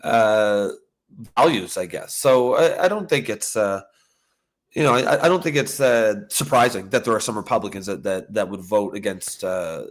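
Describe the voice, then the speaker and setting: A man's voice: lowish voice, animated, moderate pace. A man co-hosting a political talk show, rambling through his points and closing the episode. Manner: rambling, lots of fillers and restarts. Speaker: podcast co-host. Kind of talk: casual political chat.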